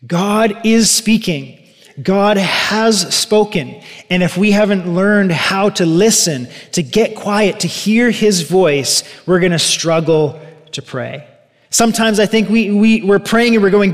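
A man preaching a sermon as pastor, animated, acting out quoted voices. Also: high voice, measured pace. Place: church sanctuary. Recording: long hall reverb.

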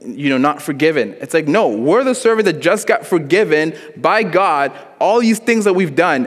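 A young man preaching a sermon in a church, telling stories casually with lots of "like" fillers. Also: a little high. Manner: casual, storytelling, frequent "like" fillers, acts out quotes. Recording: long reverb in a church hall.

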